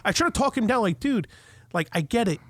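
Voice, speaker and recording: High-voiced man swearing through a story. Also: a little fast, no echo. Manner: profane, animated retelling with quoted rants. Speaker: podcast co-host. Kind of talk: casual storytelling chat.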